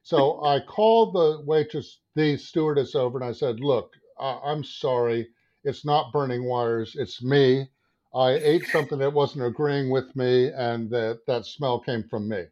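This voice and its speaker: A man in his fifties tells a long, animated anecdote as a podcast guest, acting out his own thoughts and swearing freely. His voice sits in a middle pitch, and the recording sounds dull and lo-fi. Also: a little slow. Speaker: guest, advertising creative director. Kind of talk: anecdotal storytelling in a podcast interview.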